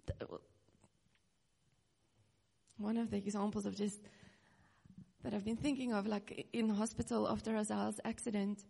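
A woman in her thirties delivers a personal sermon in a reverberant hall, earnest and close to tears, with nervous little laughs. Her medium-pitched voice is creaky, mellow and slightly rough, with little pitch movement, normal speed and frequent pauses.

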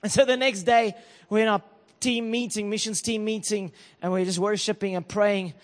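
A man preaching a sermon, telling an emotional story and building to loud declarations. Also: sits high, steady tone, moderate pace, in a large hall.

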